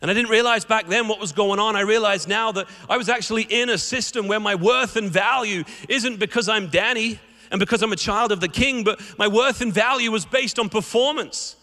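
A man's voice: high-pitched, brisk. A man giving a sermon as a guest preacher, telling stories animatedly and acting out the characters in them. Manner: animated storytelling, acts out the characters. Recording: echoey hall reverb.

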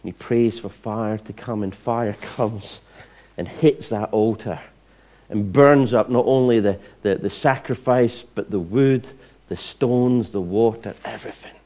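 Mellow-voiced man preaching a sermon. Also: lowish voice, a little slow. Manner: animated retelling with voiced asides and restarts. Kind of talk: sermon storytelling.

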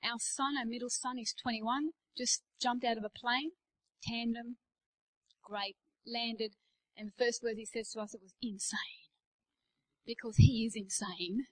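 A woman in her forties preaching to church leaders in a fairly high voice. She talks conversationally, drawing on her own family stories. She drops into quiet asides, then rises into emphatic declarations. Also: steady tone, moderate pace, low-quality recording. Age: 40s. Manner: personal storytelling, swings between hushed asides and emphatic declarations. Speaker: pastor speaking at a leadership day. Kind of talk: conversational sermon.

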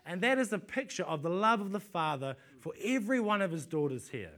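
A preacher with a notably high, slightly bright voice addresses a congregation loosely and conversationally, stumbling over repeated words as he restarts sentences. He speaks a little fast with big swings in pitch, constantly drawing listeners in with rhetorical questions.

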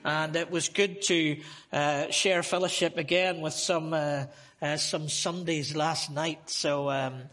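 Man, Northern Irish accent, guest preacher, high voice, bright and forceful tone, joking asides. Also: fairly even intonation, slow. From Northern Ireland. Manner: humorous, chatty opening asides. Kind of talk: sermon.

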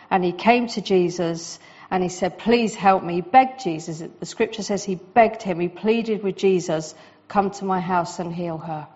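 A woman preaching a sermon in a lively, conversational way, with quick asides to the congregation. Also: mid-range voice, lo-fi sound.

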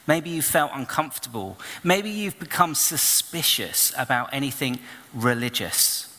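A man preaching a storytelling sermon, animated and acting out the people in his story. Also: medium pitch. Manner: animated storyteller, acts out voices and shouts. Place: church hall. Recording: long reverb of a church hall.

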